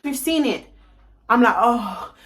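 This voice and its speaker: A young woman tells a long personal story straight to camera in a storytime vlog. Her voice sits a little high. She talks emphatically, swears freely and drops into Caribbean slang. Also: lively intonation, takes it slowly, a bit bright. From London. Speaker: vlogger.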